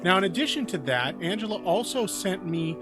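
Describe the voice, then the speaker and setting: Man explaining over loud guitar music. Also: high voice, lively intonation, brisk. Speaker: YouTuber. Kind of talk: screen-capture walkthrough.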